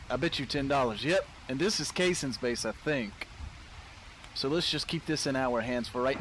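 A man's voice: medium pitch, normal speed, background noise. A man giving casual let's-play commentary, chatting to his viewers and easily startled into yelps and laughs. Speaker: gameplay commentator.

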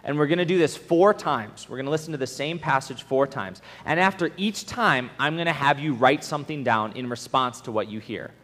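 A man giving a camp sermon to youth, telling a story with lively restarts and then giving instructions. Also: medium pitch, fairly quick, few pauses. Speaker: camp speaker. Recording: long hall reverb.

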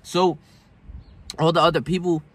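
A young man with a husky, slightly high voice tells a personal story straight to his audience. He talks in loose street slang, cursing freely, and swings between fired-up venting and subdued reflection. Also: flat delivery, a little slow, a bit bright. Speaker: self-help vlogger. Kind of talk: casual storytelling monologue.

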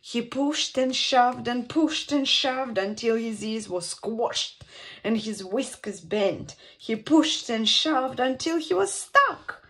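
A woman reading a children's picture book aloud at storytime, with an expressive, sing-song delivery and dramatic pauses. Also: a little high.

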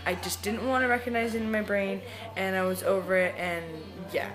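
A woman's voice: mid-range voice, a little fast, over music. A young woman in her twenties telling a story in a casual daily vlog, chatty and full of fillers. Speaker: vlogger.

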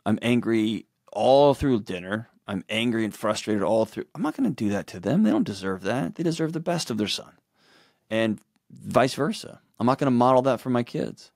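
An earnest man in his forties with a drawl, speaking at a middle pitch in a dry, close studio sound. He tells personal stories and slips into other people's voices when he quotes them. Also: expressive, normal speed, darkish tone, dry recording. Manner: earnest storytelling, acts out quotes in shifting voices. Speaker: guest, author and show host. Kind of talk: candid conversational interview talk.

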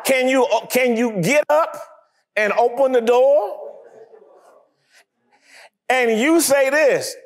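A man preaching a sermon, acting out little scenes with laughter and sudden shouts. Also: extremely high pitch, slow pace, pauses often. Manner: animated, acts out scenes, laughs often. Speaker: pastor.

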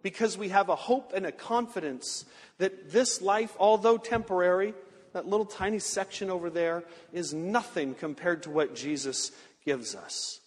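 A man preaching a sermon in earnest storytelling fashion, slowing down to stress key words. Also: high-pitched. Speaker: pastor. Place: large church sanctuary. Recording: long hall reverb.

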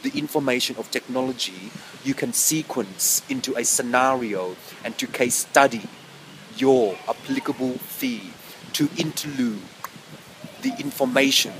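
A man rambles outdoors, piling up technical-sounding jargon and breaking off to correct himself mid-phrase. His voice sits at an ordinary middle pitch. Faint wind and passing traffic hiss under the recording. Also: rough recording. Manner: rambling, self-correcting, meows between phrases. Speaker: vlogger. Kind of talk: rambling pseudo-technical monologue.

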